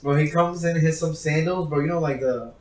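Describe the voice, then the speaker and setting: A young man tells school stories on a podcast, acting out every quote and laughing as he goes. His voice sits a little high. He is picked up from some way off the mic in an echoey room, with people chattering behind him. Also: a little fast, recorded from a distance, over a noisy crowd. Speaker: podcast co-host. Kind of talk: casual storytelling chat.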